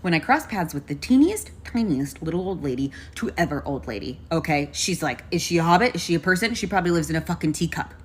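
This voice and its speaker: A young woman telling a story in casual, profane speech, switching to high put-on voices for the people she quotes. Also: a little hiss or hum.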